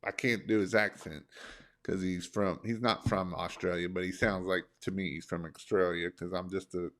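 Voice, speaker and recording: Here a Northern Kentucky business coach talks at a moderate pace in a low, level voice with a touch of brightness. It's a motivational live-stream talk, delivered in a folksy, rambling, plain-spoken manner despite a sore throat.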